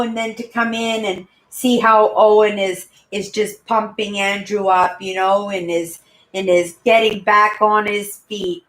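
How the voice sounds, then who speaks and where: A chatty woman in her sixties hosts a live stream. She talks in long rambling runs and tags "right?" onto most thoughts, with a voice she calls loud. The sound has a noticeable roomy echo and an average pitch. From Canada. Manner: self-described loud talker. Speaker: channel host. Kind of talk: casual live-stream chat.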